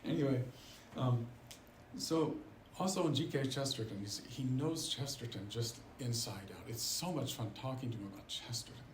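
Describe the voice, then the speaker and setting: A man's voice: medium pitch, animated, moderate pace. A man introducing a guest speaker in a chatty, rambling way, with laughter and asides. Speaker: event host introducing the speaker. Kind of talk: casual introduction. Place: lecture hall at a seminary. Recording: echoey room with faint background noise.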